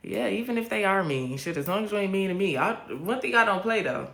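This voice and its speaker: A young adult woman hosting a casual live stream, answering viewer comments in a blunt, profane, sassy way with drawn-out repeats. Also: mid-range voice, expressive, vocal fry, a bit bright. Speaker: livestream host. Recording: roomy echo.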